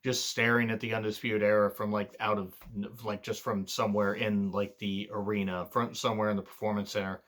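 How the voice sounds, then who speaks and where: A man's voice: lowish voice, little pitch movement, fairly quick, hardly any pauses, fairly bright tone. A man reviewing a wrestling show in a casual monologue, blunt and profane, drifting into digressions with lots of fillers.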